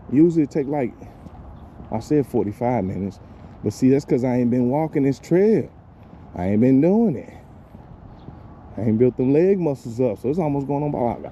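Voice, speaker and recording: A warm, mid-range voice belongs to a dad walking outdoors in a lakeside park and vlogging on his handheld phone. He rambles loosely, curses, and chuckles at his own jokes, with lo-fi sound and slight background noise.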